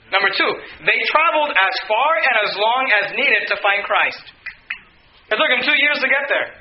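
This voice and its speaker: A man's voice: sits high, roomy sound, lo-fi sound, slight background noise. A man preaching a sermon as pastor, emphatic and repetitive, with many rhetorical questions to the congregation.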